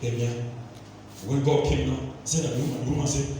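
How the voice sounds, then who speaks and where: A man from Leone, preaching a sermon and firing off rhetorical questions that climb into shouts. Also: mid-range voice, steady tone, fairly quick, slight background noise. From Sierra Leone. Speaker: pastor. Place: large church hall. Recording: echoey church hall, distant mic.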